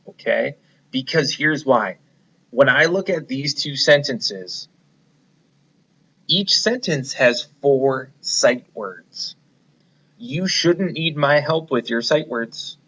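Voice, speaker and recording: A man leads young children through a reading lesson, slow and encouraging as he takes them step by step. His voice is bright and clear, though the audio is a little dull and lo-fi. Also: mid-range voice. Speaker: teacher.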